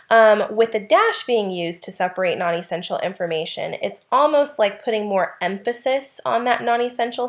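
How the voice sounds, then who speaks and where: A woman teaching an English grammar lesson at a medium pitch. She reads example sentences aloud and talks through them with mild fillers. Her explanations are clear and orderly.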